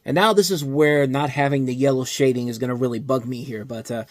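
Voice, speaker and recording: A man's voice: medium pitch, fairly quick, dry recording. A man hosting a movie review show, ranting with exasperation and often restarting his sentences. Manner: animated ranting, exasperated, self-interrupting. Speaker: film review show host. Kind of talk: casual movie review monologue.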